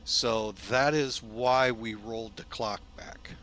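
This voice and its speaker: A man hosting a flight simulator video in a casual, folksy way, relaxed and loose with lots of fillers, often speaking to viewers as folks. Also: mid-range voice, slow. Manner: chatty, folksy, keeps calling viewers "folks". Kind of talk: casual narrated simulator walkthrough.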